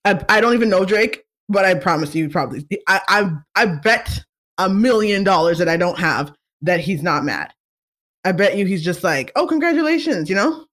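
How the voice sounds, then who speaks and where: A woman hosting a casual talk show, chatting in an animated, opinionated way with many fillers and asides. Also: on the low side, normal speed. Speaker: podcast host. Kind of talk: casual chat.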